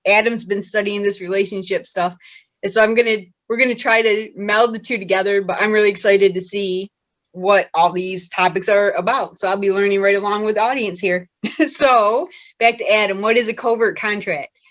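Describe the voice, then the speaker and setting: A woman's voice: mid-range voice, fairly even intonation, moderate pace. A woman co-hosting a podcast, upbeat and giggly, asking questions in casual conversation. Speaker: podcast co-host.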